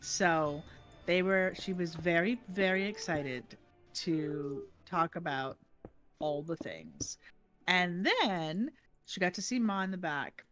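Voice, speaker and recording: Older lady on a stream telling family stories, lots of laughs, really bright crisp voice. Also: fairly low pitch, takes it slowly, soft background music. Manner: animated, laughs often while telling. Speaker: livestream host. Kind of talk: casual storytelling chat.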